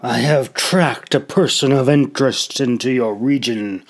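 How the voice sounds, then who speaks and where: Guy reading a cold impatient dark lord, curt orders, steady storybook voice. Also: medium pitch, a little slow. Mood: commanding. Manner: commanding, curt. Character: imperious dark lord, older man, impatient.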